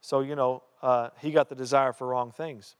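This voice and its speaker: A man's voice: medium pitch, steady tone, moderate pace, clear, resonant tone. Earnest pastor man preaching in a reverberant hall. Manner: storytelling, earnest, repeats key phrases. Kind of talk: sermon.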